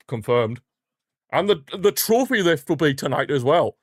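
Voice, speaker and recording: A man's voice: on the high side, big pitch swings, moderate pace, no echo, studio quality. A man streaming a football watchalong, giving blunt, partisan live fan commentary and mocking the rival side.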